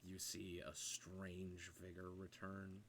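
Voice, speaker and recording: A man narrating a tabletop game as game master, setting scenes in a slow, hushed way with fillers. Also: sits low, completely flat delivery, slight background noise.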